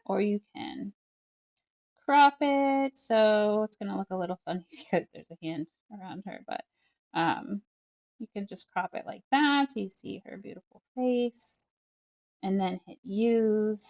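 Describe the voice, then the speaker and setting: A woman's voice: mid-range voice, darkish tone, muffled recording. Chatty woman walking through an app. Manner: chatty, narrates each tap, frequent fillers. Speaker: speech-language pathologist. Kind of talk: casual tutorial walkthrough.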